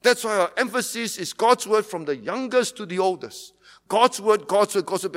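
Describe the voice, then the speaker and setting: A man's voice: sits high, moderate pace, fairly bright tone, in a large hall. A man from Singapore, preaching a sermon as pastor with earnest, emphatic repetition.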